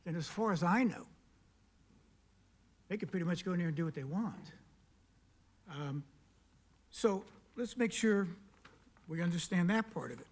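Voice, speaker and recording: High-voiced man giving emphatic public comment. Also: lively intonation, normal speed, pauses often, a little mellow. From South Carolina. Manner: emphatic, questioning, repeats key words. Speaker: public commenter at a county council meeting. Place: council chamber.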